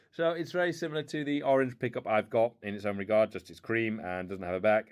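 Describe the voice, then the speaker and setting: Brisk and expressive at a medium pitch, a toy car collector rambles through an unboxing of old toy cars indoors at home. His tone is self-mocking and playful.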